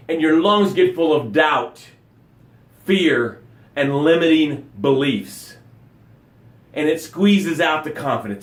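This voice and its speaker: A fired-up man coaching his live audience through a motivational talk, with a slightly high voice that whoops and shouts. He preaches in big, punchy images. The sound is roomy, with a noticeable echo. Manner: energetic, preachy, with whoops and shouts, then drops to soft breathing cues. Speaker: motivational coach hosting a daily live broadcast.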